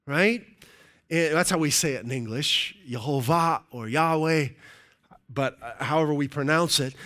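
A man's voice: on the high side, fairly bright tone. A middle-aged male pastor giving a conversational sermon, checking in with the congregation with frequent "right?"s.

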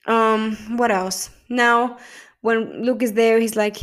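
A woman's voice: medium pitch, steady tone, a little slow. A young woman vlogging casually about a TV episode, gushing and emotional, swearing freely and acting out quotes. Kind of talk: casual chat.

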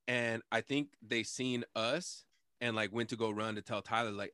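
A man's voice: medium pitch, moderate pace, a bit bright, clear, resonant tone, dry recording, studio quality. A young man hosting a podcast, telling a story in a casual, rambling, profane way and laughing often. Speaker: podcast host.

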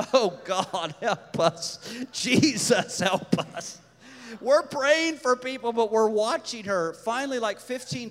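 A man preaching, telling a testimony story with animated energy and acting out the voices of the people in it. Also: sits high. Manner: animated storyteller, acts out voices, shouts to the crowd. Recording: echoey hall with long reverb.

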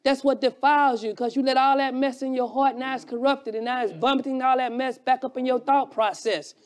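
A preacher delivering an emphatic sermon, shouting key lines and repeating phrases for effect, with quieter, quicker asides in between. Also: high-pitched, steady tone. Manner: drops to a quiet, fast aside at times.

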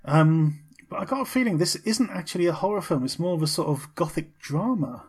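A man with a somewhat high voice co-hosts a casual film podcast. He rambles through his picks, hesitating with frequent ums and restarts. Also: expressive, brisk, crowd noise. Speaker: podcast co-host. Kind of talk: casual film review chat.

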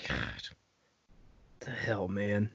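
A man hosting a podcast in casual chat, animated and swearing as he gets worked up. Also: on the low side, very slow, breathy edge, no room sound. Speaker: podcast host. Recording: dry, dull lo-fi sound.

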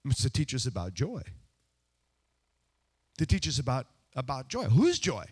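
A man's voice: mid-range voice, wildly swooping pitch, moderate pace, slightly rough. A man preaching a sermon in a conversational, self-deprecating way, putting rhetorical questions to the congregation. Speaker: pastor.

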